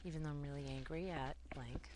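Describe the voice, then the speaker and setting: Low-voiced woman guiding a tapping session. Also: steady tone, brisk. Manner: repetitive statements, rising into emphatic anger phrases. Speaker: tapping guide. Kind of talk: guided tapping script, spoken for listener to repeat. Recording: audible background hiss and clicks.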